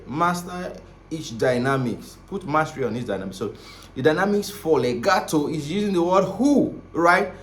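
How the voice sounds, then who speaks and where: Rambling male saxophone teacher, echoey room. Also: on the high side. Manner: rambling, repeats himself, frequent "right?" and "okay?". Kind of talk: casual spoken lesson. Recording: echoey room with faint ambient noise.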